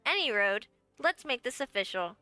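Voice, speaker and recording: A brassy, tiny innkeeper who runs an adventurers' guild in a game, and she speaks with a lilt. The voice sits high and bright, wry and folksy, with every line dry and close to the mic. A faint game score plays underneath. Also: big pitch swings, moderate pace, clean tone, no echo, soft background music. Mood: brisk. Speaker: game character. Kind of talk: game voice acting.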